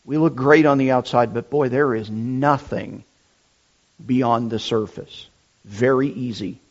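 A middle-aged man preaching a sermon, deliberate and emphatic, repeating his key phrases. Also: mid-range voice. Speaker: pastor. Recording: dull lo-fi sound.

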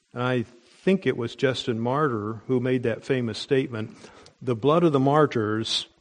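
A middle-aged man teaches through a Bible passage in a sermon, his pitch sitting in an ordinary middle register. He speaks slowly and carefully, often pausing and restarting his phrases as he explains. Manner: deliberate, with frequent pauses and restarts.

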